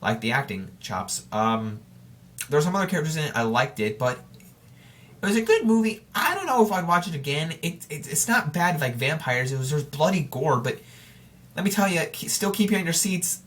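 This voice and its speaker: On his solo show, the podcast host sounds fairly quick and bright, with a high-leaning voice that swings widely in pitch. He chats casually to his audience, rambling along with frequent false starts and self-corrections.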